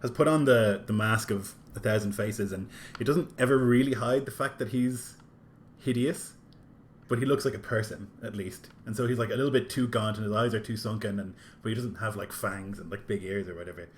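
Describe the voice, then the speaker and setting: A man's voice: fairly low pitch, fairly quick, slight background noise. A man playing a tabletop role-playing game, talking casually and rambling as he describes his character. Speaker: player. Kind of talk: tabletop role-play narration.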